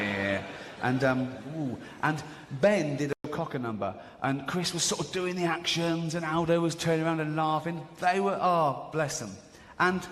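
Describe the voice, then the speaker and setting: A man doing stand-up, telling a story in an animated way and acting out other people's voices. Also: on the high side, slight background noise. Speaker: stand-up comedian. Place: comedy stage. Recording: live stage, hall reverb, faint ambience.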